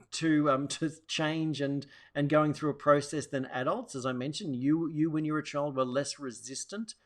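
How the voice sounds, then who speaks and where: A man hosting a wellness show, talking casually to viewers in a rambling way with many restarts. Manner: rambling, restarts often, acts out quotes in a high voice. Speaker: host.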